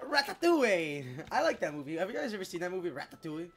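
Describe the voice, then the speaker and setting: Excitable let's-play commentator. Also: mid-range voice, faint music behind. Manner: excitable, chatty, quick to exclaim. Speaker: gameplay YouTuber.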